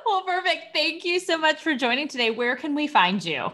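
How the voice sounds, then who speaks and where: A woman's voice: sits high, big pitch swings, normal speed, sharp tone. Woman podcast host asking questions. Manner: conversational, asks questions with easy laughs. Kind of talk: casual interview chat.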